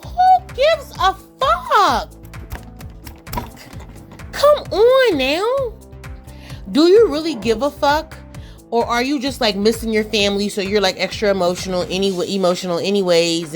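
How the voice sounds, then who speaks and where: A woman casually reviewing a TV show, ranting in a sassy, animated way with lots of slang. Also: mid-range voice. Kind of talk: casual reaction commentary.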